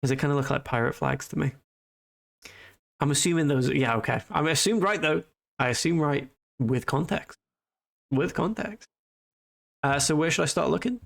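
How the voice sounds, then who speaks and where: Gravelly, cheeky streamer man. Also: on the high side, brisk. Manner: joking, rambling, cheeky asides. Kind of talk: casual live stream commentary.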